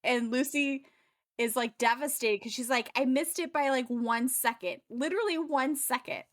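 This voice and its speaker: A woman's voice: sits high, normal speed. A woman co-hosting a book club podcast, chatting casually and acting out characters' lines as she retells the plot. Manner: animated, acts out characters' lines while retelling.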